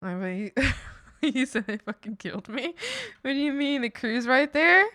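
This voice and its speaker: A woman's voice: high-pitched, animated, normal speed, bright, forceful tone, no room sound, studio quality. A woman streamer chatting casually with her viewers while she draws, giggling often and teasing them playfully. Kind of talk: casual live-stream chat while drawing.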